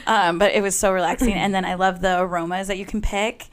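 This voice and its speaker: An animated middle-aged woman chats as a podcast guest, laughing often as she tells stories. Her voice keeps a lively, bubbly energy. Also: medium pitch, fast. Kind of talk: casual chat.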